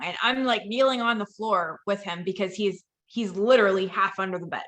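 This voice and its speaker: A woman's voice: medium pitch, fairly quick. A woman speaking over a video call as she tells a story from her work in dementia care. Her voice sits in a middle range, and she voices the people in the story as she goes. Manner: lively storytelling that acts out quoted dialogue. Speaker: dementia care professional and presenter. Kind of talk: storytelling presentation.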